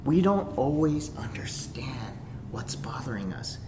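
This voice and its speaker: Pastor preaching in a roomy echo. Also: male voice, medium pitch, a little slow, noisy background. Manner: animated, swings from loud emphasis to soft near-whispers. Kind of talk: sermon.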